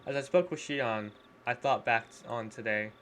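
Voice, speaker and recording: A man reading a visual novel aloud in a plain, measured way, voicing a cautious teenage boy and his narration. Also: mid-range voice, fairly bright tone, slight background noise, lightly acted. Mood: wary.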